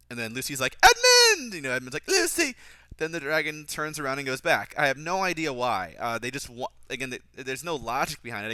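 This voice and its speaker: A man's voice: sharp tone, clean tone, dry recording. A man giving casual film commentary, critical of the script and mocking its lines. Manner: critical, mocks dialogue in a higher voice.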